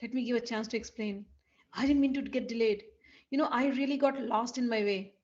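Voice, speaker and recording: A woman's voice: a little high, fairly quick, darkish tone, highs cut off, lightly acted. A woman voicing Krishna as a young male lover who begs and pleads for forgiveness, in a devotional storytelling. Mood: coaxing.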